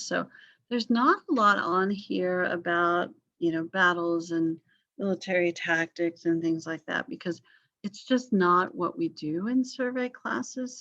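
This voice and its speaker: A woman gives a history lesson over a video call, her voice a little muffled and lo-fi. She talks in an easygoing, chatty way, full of ums and quick apologies. Her pitch sits in an ordinary middle range. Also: gravelly, a bit bright. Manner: conversational, apologetic asides, frequent fillers. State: coughing, yawning. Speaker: history teacher. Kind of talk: online class lecture.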